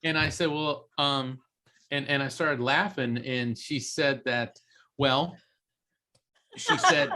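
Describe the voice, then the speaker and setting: A man, a podcast guest, telling a long anecdote with lively energy and acting out the quoted voices. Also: mid-range voice, slow, pauses often, slight background noise. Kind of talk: animated storytelling in a podcast interview.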